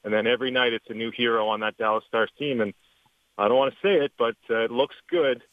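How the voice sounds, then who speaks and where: Canadian ex-player on a phone line. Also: male voice, mid-range voice, fast, no echo. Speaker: former hockey player, guest analyst. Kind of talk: phone interview, hockey analysis. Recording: tinny phone line, dry.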